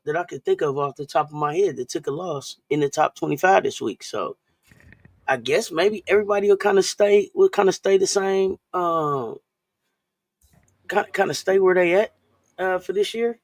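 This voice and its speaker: A woman with a fairly low, slightly mellow voice leads a laid-back sports chat on a live stream. Loose and chatty, she repeats and restarts phrases and greets viewers in chat, her voice sounding close and dry with no room echo.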